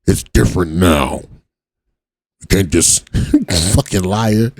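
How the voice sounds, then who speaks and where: Gravelly, blunt man reacting to a clip. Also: low voice, slow pace, slight background noise. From Watts, Los Angeles. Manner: blunt, profane street talk. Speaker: channel host reacting to a video. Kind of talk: reaction commentary.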